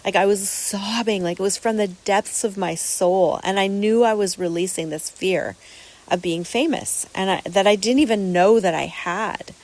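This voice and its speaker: A woman's voice: medium pitch, normal speed, a little mellow, poor audio. A woman hosting a podcast, telling a personal story casually in an earnest, rambling way, with many repeated words and restarts. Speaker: podcast host.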